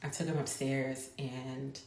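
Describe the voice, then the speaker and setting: Mom vlogger, 30s, deep for a woman, chatty and quick in bursts, roomy sound. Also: little pitch movement, vocal fry, darkish tone. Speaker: mother. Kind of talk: casual storytelling vlog. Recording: echoey room.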